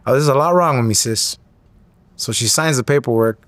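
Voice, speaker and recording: A man's voice: brisk, fairly bright tone, no echo. A man in his thirties telling a story as an interview guest, acting out the other people's voices as he goes. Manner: acts out quoted voices with rising pitch. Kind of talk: animated storytelling.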